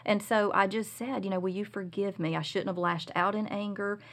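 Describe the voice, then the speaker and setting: A middle-aged woman telling a personal parenting story as a guest, earnest and confessional, growing animated when she retells scenes. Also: mid-range voice, fairly quick. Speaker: guest speaker on Christian parenting.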